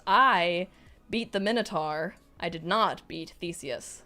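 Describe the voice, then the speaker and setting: A young woman streaming live, reading out chat messages and reacting in a bubbly, excitable way. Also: mid-range voice, a little slow.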